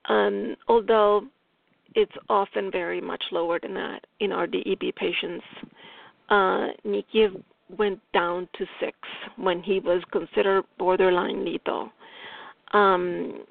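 A woman's voice: medium pitch, steady tone, measured pace, vocal fry, dry recording. Italian-accented woman, tinny phone-like sound. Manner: reads technical lists with fillers and restarts. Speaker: caregiver and health blogger. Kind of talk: informal explanatory talk reading from notes. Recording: dry tinny phone-like audio.

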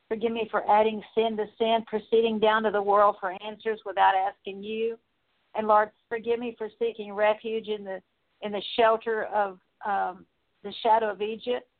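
Woman praying over a tinny line. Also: mid-range voice. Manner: earnest, steady listing with frequent fillers. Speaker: prayer minister. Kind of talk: spoken prayer of repentance.

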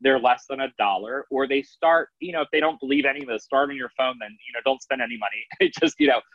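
A man's voice: mid-range voice, animated, fast, no echo, muffled recording. A man in his thirties, an author and coach, talking in a loose, rambling way with many restarts. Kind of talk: casual interview talk.

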